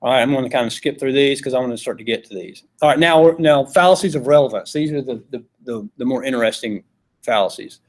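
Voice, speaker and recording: Speaking fast at a medium pitch, a man lectures his philosophy class. His style is conversational, and he regularly turns questions over to the students.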